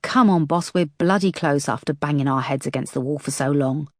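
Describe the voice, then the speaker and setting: A woman's voice: deep voice, fairly quick, no room sound, studio quality. A woman narrator voicing a blunt, wisecracking female detective who talks frankly and teases her boss. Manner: frank, teasing.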